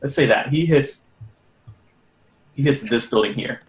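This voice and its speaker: A man's voice: medium pitch, measured pace, faint music behind. A man narrating as game master of a tabletop game in a casual, profane, laughing way. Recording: echoey room.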